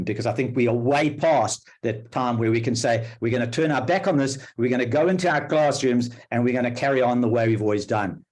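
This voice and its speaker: A man's voice: mid-range voice, darkish tone. Rambling man hosting a webinar. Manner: rambling, filler-heavy, jokey. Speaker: webinar host. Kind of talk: casual online webinar hosting. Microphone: video call.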